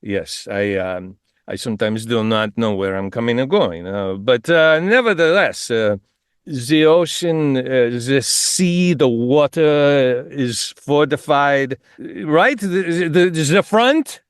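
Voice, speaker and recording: A flustered adviser, as a man puts him on, who stumbles and hesitates through every sentence. He talks slowly in a dry, close sound. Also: mid-range voice, animated, smooth, dry recording. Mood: hesitant. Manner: halting, stammering with many fillers.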